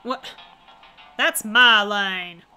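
A woman voicing a towering male mercenary in a game with a put-on Southern US accent, gruff and mocking. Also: mid-range voice, drawn-out words, sharp tone, soft background music, exaggerated voice. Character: towering brutish male mercenary with mechanical fists.

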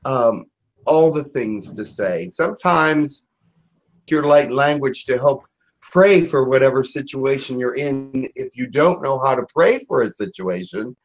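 A man, a channeler, chatting casually in a gentle, reassuring way with small hesitations. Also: medium pitch, lively intonation, measured pace, poor audio. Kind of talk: casual chat.

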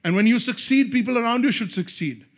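A male pastor preaching a sermon, swinging between hushed, slow lines and loud, excited bursts. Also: extremely high pitch.

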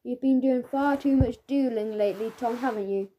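A woman's voice: a little high, normal speed, warm tone, lo-fi sound, a little hiss or hum, natural voice. Woman doing a stern male schoolteacher. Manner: scolding, exasperated.

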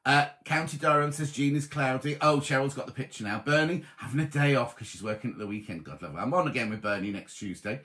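Speaking fast with few pauses, this man has a medium-pitched, fairly bright voice. He's hosting a live online coffee morning, reading viewers' messages aloud and calling them "my love" in relaxed live-stream chat.

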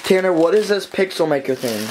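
A man's voice: high voice, expressive, brisk. Rambling young male vlogger, noisy windy audio. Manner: rambling, keeps saying "anyways". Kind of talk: casual vlog chat to camera. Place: partly outdoors in wind. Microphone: handheld camera.

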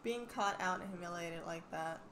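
A woman's voice: lowish voice, normal speed, a bit bright, reverberant, a little hiss or hum. A young woman in casual gameplay commentary, chatting and teasing at the game characters as she plays. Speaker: gaming channel host.

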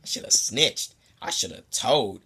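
A young man with a husky, slightly breathy voice spins a casual storytime for his viewers. He talks in a loose, profane, rambling way, with asides to the audience. His pitch sits in a middle range for a man. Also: a little slow. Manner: animated, swings into high squeaky voices for quoted people. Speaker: storytime vlogger.

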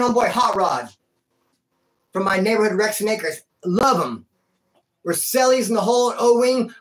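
A man's voice: sits high, fairly bright tone. A man telling a rambling personal story in a casual, slangy way, calling the listener dude and bro. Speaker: vlogger telling a prison and life story.

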